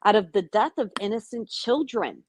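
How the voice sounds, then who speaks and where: A hoarse woman chatting on a panel, earnest and emphatic. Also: medium pitch, lively intonation, normal speed, dry recording. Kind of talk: casual panel chat.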